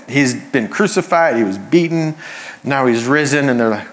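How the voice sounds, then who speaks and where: A man's voice: medium pitch, lively intonation, moderate pace. A man, a pastor, preaching a conversational sermon with humorous asides.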